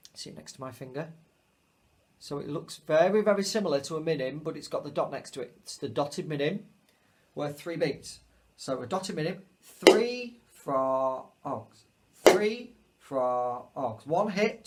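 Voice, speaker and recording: Male music teacher, slightly high voice, patient and encouraging with young pupils. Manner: patient, encouraging, spells out rhythms. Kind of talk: remote music lesson for children.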